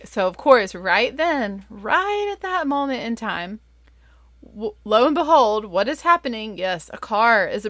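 Woman, thirties, casual storyteller, lively and chatty, dry close sound. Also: a little slow, dry recording. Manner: lively, chatty, full of "like" fillers, jumps much higher for quoted voices. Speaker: mother telling a family story.

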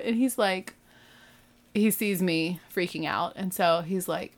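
A middle-aged woman casually telling a family road-trip story, acting out everyone's lines with lively, rising panic. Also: fairly low pitch, moderate pace. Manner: animated, acts out family dialogue with rising panic.

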